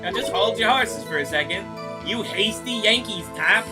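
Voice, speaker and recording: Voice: mid-range voice, expressive, moderate pace, voice pushed up, natural voice. Southern witness gal, drawling and flustered, put on by a game streamer; bouncy delivery. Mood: folksy. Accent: American Southern, put on. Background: game music.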